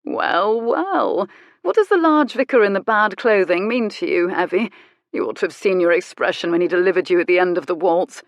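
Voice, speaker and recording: A woman's voice: on the low side, expressive, normal speed, no room sound. A woman reading an audiobook, voicing a smug, cruel aristocratic man in a self-satisfied, sneering manner. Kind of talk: audiobook character voice.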